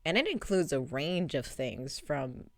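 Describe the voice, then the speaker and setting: A young woman streamer casually recapping a game, rambling and animated, swearing freely and laughing often. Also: low-pitched, unhurried, no echo, studio quality.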